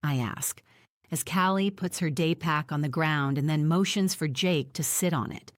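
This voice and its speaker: A woman narrating an audiobook in the first person, reading in an even, measured way. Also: sits low, no echo, studio quality.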